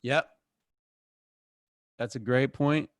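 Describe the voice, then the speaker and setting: A man teaching an acting class in a loose, conversational voice. He talks casually and gets animated, playing out the people he quotes. The sound is dry and close to the mic. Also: mid-range voice, extremely slow, dry recording. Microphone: close microphone.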